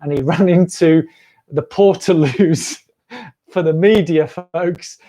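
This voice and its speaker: This running channel host speaks slowly in a fairly high, warm voice. His livestream chat wanders casually, punctuated by frequent laughter.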